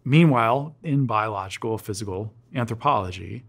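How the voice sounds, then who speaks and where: A man's voice: fairly low pitch, moderate pace, a bit bright. A man giving an expert documentary interview with emphatic, lecturing delivery.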